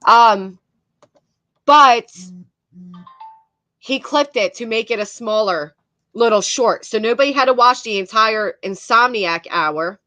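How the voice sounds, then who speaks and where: A woman's voice: on the high side, slow pace, pauses often, bright, forceful tone, dry recording. A woman hosting casual commentary on video clips, blunt and swearing, talking to her chat between clips. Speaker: commentary host.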